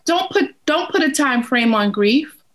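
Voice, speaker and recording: A woman speaks slowly in a high register, leaning on each phrase as she gives advice about grief. She repeats lines for emphasis, earnest and steady as an interview guest. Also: poor audio.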